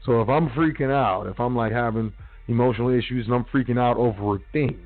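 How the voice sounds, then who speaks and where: A quick-paced man with a medium-pitched voice talks solo and casually on his radio show. He lectures listeners bluntly, full of slang and cursing, over a phone-quality line where faint music plays.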